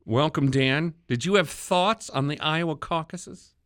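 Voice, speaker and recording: A man with a Wisconsin accent hosting a political podcast, wry and quick to chuckle. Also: on the high side, fairly bright tone, no room sound, studio quality. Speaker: podcast host.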